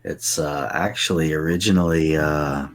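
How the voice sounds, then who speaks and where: A man's voice: extremely low pitch, steady tone, normal speed. A man playing a tabletop game, chatting casually and joking with the group. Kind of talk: casual chat.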